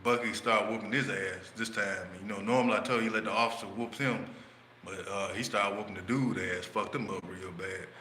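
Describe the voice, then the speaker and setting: A man's voice: fairly low pitch, steady tone, fairly quick, pushed and bright. Rambling, profane storytelling man. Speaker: streamer. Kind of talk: casual storytelling. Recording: echoey room, faint background noise.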